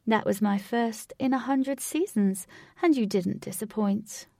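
A woman's voice: a little high, measured pace, gravelly, warm tone, no echo, studio quality. A woman reading aloud, voicing a poised, gracious queen in a storybook. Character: gracious, confident female queen.

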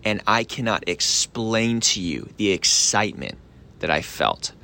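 Young man, podcast host, bright voice, lowish pitch, casual sales talk, keeps saying right. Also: measured pace, gravelly. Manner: excited, acts out both sides of a sales call. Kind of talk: solo podcast monologue.

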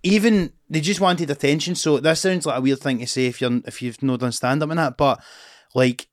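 A man's voice: a little high, fairly quick, no room sound. A young Scottish man, a comedian, telling a sweary anecdote while chatting in a podcast studio. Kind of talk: casual chat, storytelling.

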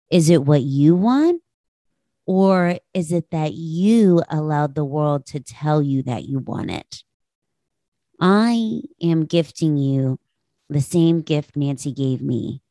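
A woman's voice: deep voice, mellow, no room sound. A woman hosting a podcast, telling a personal story in a candid, reflective way and laughing easily. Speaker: podcast host.

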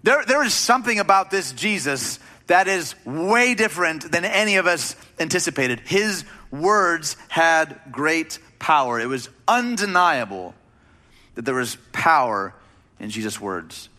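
Bright-voiced male pastor preaching. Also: fairly high pitch, sing-song, a little slow. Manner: conversational and emphatic, with rhetorical questions. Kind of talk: sermon.

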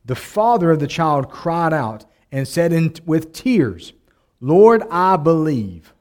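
Pastor guy preaching, kinda high voice, repeats stuff, gets loud and worked up. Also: big pitch swings, measured pace. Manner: preaching, voice rising to near-shouting in emotional appeals; repeats phrases for emphasis. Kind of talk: sermon.

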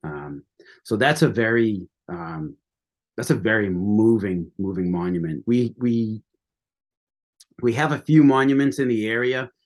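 A man's voice: on the low side, measured pace. A man from the United States, a guest on a history podcast, talking with enthusiasm and many restarts. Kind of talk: conversational history interview.

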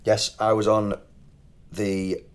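Englishman, deep voice, dry joking banter, casual podcast co-host. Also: flat delivery, slow, smooth. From England. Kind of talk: casual chat.

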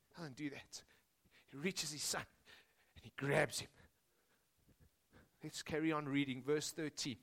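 High-voiced man preaching with dramatic swings. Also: steady tone, normal speed, pauses often. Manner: dramatic preaching, swings from loud emphasis to hushed low phrases. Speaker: pastor. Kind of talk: sermon.

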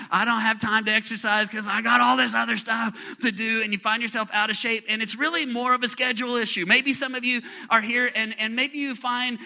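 A man preaching a sermon to a congregation, animated and playful, acting out little scenes and leading call-and-response. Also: very high-pitched. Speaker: pastor.

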